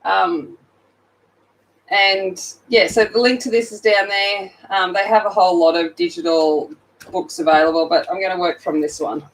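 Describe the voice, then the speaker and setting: A woman's voice: lowish voice, steady tone, normal speed, rough recording. A sleepy Australian woman hosting a casual livestream from her phone, chatting with viewers and greeting them by name while she colours. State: sleepy, just woken up. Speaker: livestream host.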